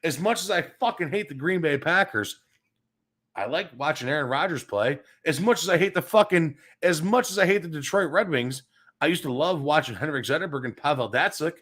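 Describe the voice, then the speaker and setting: A man's voice: on the high side, lively intonation, brisk, fairly bright tone. A man hosting a sports talk livestream, ranting with heavy swearing, repeating himself and reading out viewer comments. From Chicago area. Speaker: sports talk show host. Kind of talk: profane livestream sports rant.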